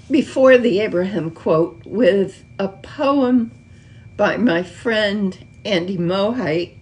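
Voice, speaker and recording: A woman leading a guided meditation and spiritual talk in a slow, soft, soothing way. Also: mid-range voice, animated, a little hiss or hum.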